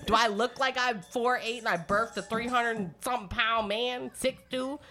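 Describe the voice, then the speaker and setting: A middle-aged woman hosting a podcast, telling a story in a profane, animated way and acting out what people said. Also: a little high, normal speed. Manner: animated storytelling, profane, acts out quotes loudly. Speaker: podcast host. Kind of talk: casual podcast chat.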